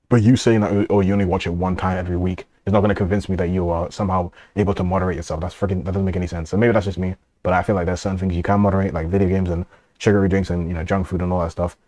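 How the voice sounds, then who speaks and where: Male streamer, low voice, quick rambling profane commentary, dry close sound. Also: darkish tone, no echo. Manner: rambling, profane, laughs often. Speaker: streamer reacting to a video. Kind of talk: casual reaction stream.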